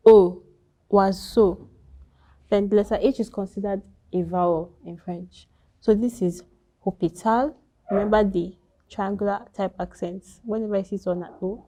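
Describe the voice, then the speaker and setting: Teaching French pronunciation at a slow pace, a woman with a mellow, medium-pitched voice enunciates carefully and says each example word twice.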